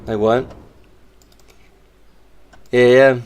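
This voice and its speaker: A man's voice: medium pitch, level tone, very slow. A man streaming a game, chatting casually and sarcastically, rambling with lots of fillers. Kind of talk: casual live-stream chat.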